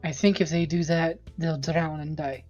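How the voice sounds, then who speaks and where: Tabletop player, mid-pitched, teasing with quick retorts. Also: steady tone, darkish tone, highs cut off, faint music behind. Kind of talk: casual game chat.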